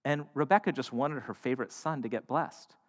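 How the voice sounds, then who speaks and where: A man preaching a sermon, retelling a story with animated, joking asides. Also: mid-range voice, brisk. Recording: echoey hall.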